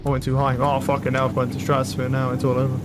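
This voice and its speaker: A young man streaming a game, talking loudly and excitably with lots of swearing to his chat and a friend. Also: mid-range voice, rapid-fire, very noisy. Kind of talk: casual live-stream commentary. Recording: game music loud behind voice. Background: game music.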